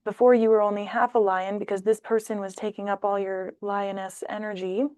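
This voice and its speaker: A woman giving a casual tarot reading to camera, talking in a chatty, animated way and acting out short bits of dialogue. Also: mid-range voice, brisk, clean tone, dry recording. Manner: chatty, animated, acts out little voices. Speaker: tarot reader.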